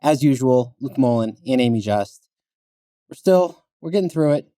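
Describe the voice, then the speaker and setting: A man co-hosting a sports podcast in a relaxed, casual chat, with plenty of fillers. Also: mid-range voice, normal speed, clear, resonant tone, dry recording, clean studio sound. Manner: relaxed, filler-heavy, chuckles now and then. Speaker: podcast co-host.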